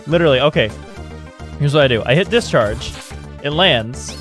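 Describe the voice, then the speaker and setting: Excitable man joking over gameplay. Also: on the high side, takes it slowly, pauses often, soft background music. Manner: laughs often, excitable and joking. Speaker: video game let's player. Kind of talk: casual gameplay commentary.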